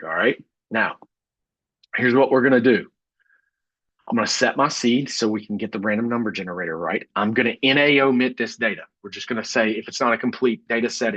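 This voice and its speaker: A man teaching a screen-recorded coding lesson, talking through each step in a relaxed way with frequent fillers. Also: mid-range voice, slightly rough, dry recording, lo-fi sound. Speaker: statistics instructor.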